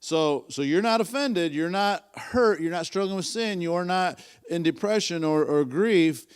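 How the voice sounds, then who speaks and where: Lively-voiced man teaching a church class. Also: high-pitched, measured pace, clean tone. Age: 50s. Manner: rambling, repeats himself, asks the class questions. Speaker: Sunday school teacher.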